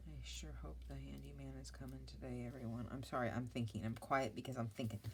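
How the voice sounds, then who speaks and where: Low-voiced woman host of a home craft vlog, chatty and rambling. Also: steady tone, fast talker, slight background noise. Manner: chatty, rambling, talks to viewers and her dog. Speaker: craft vlogger. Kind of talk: casual chat while crafting.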